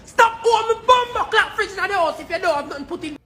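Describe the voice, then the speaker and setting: A woman's voice: extremely high pitch, lively intonation, fast, pushed and bright, slight background noise, full character voice. A woman playing an exasperated Jamaican mother who scolds her son with repeated, teasing commands.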